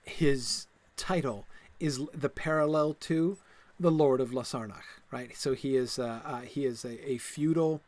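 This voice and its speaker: Playing a game on stream, a man with an unhurried, slightly mellow medium-pitched voice gives a loose, digressive lecture, recorded without echo. Fillers and restarts abound, and he is eager and self-amused.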